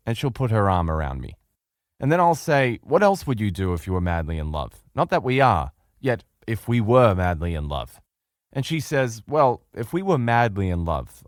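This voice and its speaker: A middle-aged man delivering a motivational relationship lesson, earnest and emphatic. His pitch swings widely from line to line as he presses his points. The recording is dry and close. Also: no room sound. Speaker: relationship course instructor. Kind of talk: recorded self-help lecture.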